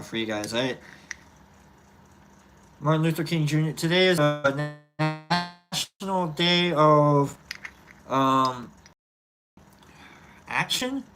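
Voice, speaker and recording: A man hosting his own show in a casual chat, rambling loosely and sighing out loud between remarks. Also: a little high, rough recording. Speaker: host.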